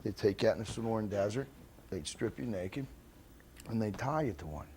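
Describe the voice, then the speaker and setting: A man's voice: fairly low pitch, expressive, fairly quick, a little mellow, a little hiss or hum. A man being interviewed, telling a story about his past bluntly, swearing constantly, and acting out the lines of the people in it. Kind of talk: profane storytelling anecdote.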